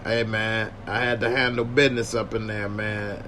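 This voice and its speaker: A man's voice: fairly low pitch, flat delivery, normal speed, over loud music. A man hosting a casual livestream podcast, joking and slangy while thanking his viewers. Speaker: podcast host.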